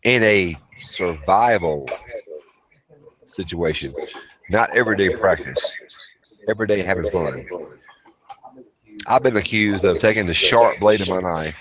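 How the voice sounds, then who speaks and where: A man's voice: low-pitched, measured pace, pauses often, noisy background. A man, co-hosting a casual live chat about survival skills in a blunt, rambling and profane way.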